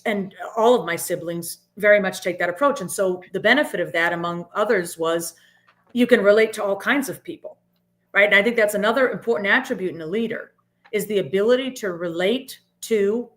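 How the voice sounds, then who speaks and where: A middle-aged woman speaks in an earnest, emphatic way as a podcast guest. She often ends her points with "right?". Her voice sits at an ordinary middle pitch. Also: brisk. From Boston area, US. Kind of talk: reflective interview talk.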